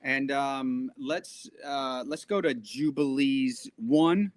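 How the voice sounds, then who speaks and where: A man's voice: medium pitch, slow pace, no echo. A man in an online study group, hesitant and full of fillers. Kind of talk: casual chat.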